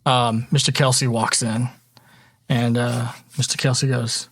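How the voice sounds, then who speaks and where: A man narrating a tabletop game as dungeon master, relaxed, with fillers. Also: medium pitch, unhurried, no room sound, clean studio sound.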